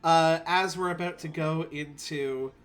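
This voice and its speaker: Low-voiced woman game master. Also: steady tone, unhurried, over a noisy crowd. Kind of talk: narrating a tabletop game.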